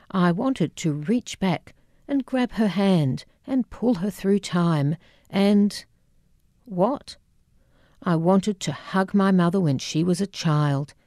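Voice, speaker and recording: A woman reading her audiobook memoir in a wry, measured, reflective way. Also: lowish voice, warm tone, no echo, clean studio sound. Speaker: memoir narrator.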